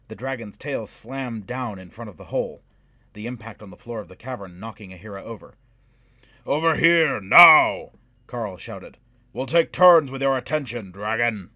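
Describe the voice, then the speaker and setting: A man narrates a fantasy adventure in a measured, dramatic storytelling voice. His voice sits fairly low. The recording is close and dry, with no room sound. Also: slightly rough, no echo. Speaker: audiobook narrator. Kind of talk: scripted narration.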